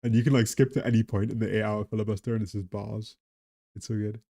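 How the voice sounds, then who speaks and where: A man's voice: on the low side, little pitch movement, quick pace, mellow. Tired Geordie man chatting on stream. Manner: laughing, rambling, talks to chat and a pet. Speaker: streamer discussing economics. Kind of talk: casual live-stream chat.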